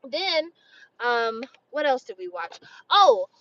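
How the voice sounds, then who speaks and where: A woman's voice: high voice, very animated, takes it slowly, a bit bright, lo-fi sound. A woman in her forties talking casually to camera, blunt and opinionated, swearing freely. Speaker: vlogger.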